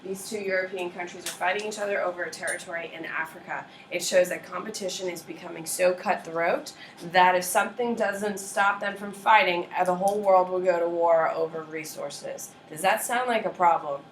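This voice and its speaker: Lively woman teacher in a roomy classroom. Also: fairly low pitch, fairly quick, slight background noise. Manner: lively, checks in with students often. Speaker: history teacher. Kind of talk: classroom lecture. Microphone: far camera. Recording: roomy classroom audio from a distant camera.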